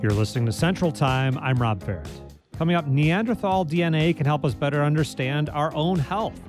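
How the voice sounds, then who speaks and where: A man hosting a public radio talk show, speaking in a measured, lightly wry way. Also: on the high side, animated, over music. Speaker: radio host.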